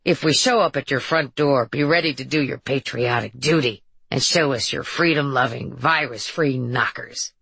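A woman reading an audiobook, voicing a crass male radio DJ with a hoarse, raspy bass and a slow, booming drawl. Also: a bit bright, no room sound, full character voice. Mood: crass boasting. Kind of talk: audiobook character voice.

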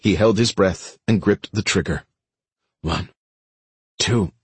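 In a measured, suspenseful narration, a man with a very deep and husky voice reads a thriller audiobook from a script. No room sound can be heard, as the recording is dry and close.

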